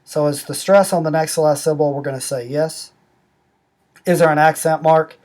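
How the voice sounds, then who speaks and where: A middle-aged man walking through a language-learning app step by step, explaining rules slowly and methodically. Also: fairly high pitch, fairly even intonation, a little mellow. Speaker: app demonstrator. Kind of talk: screen-recorded app tutorial.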